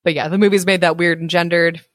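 A woman co-hosting a casual podcast, reading a fairy tale and breaking off to chat. She is animated and laughs easily. Her voice sits slightly low and sounds dry and close. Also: quick pace, no room sound. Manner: animated, laughs often, chatty. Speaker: podcast co-host and story reader.

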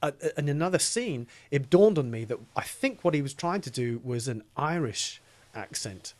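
A man's voice: mid-range voice, animated, moderate pace, a little mellow. A man co-hosting a film review podcast in casual chat, teasing and rambling with many fillers.

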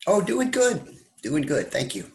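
A man, a psychotherapist and interview guest, explaining his approach and pausing often to find his words. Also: a little high, wildly swooping pitch, vocal fry. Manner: explanatory, pauses to search for words. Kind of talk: interview answers.

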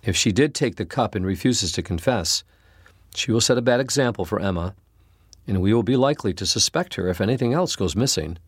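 A man voicing a stern, sensible father in a storybook reading, speaking in a measured, grave way close to his own voice. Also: on the low side, lively intonation, husky, dry recording.

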